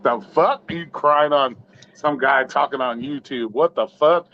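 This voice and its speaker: A man's voice: mid-range voice, normal speed, slight background noise. A man hosting a casual live-stream chat, joking and swearing in a laid-back way. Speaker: show host. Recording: dry, dull lo-fi sound.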